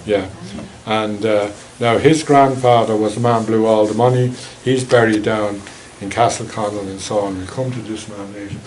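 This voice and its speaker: A man's voice: fairly low pitch, steady tone, moderate pace, hardly any pauses, darkish tone, rough recording. Irish guy telling local history stories, chatty and wry, bit of hiss in the room. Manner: anecdotal, chatty, wry asides. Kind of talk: public history talk with slides.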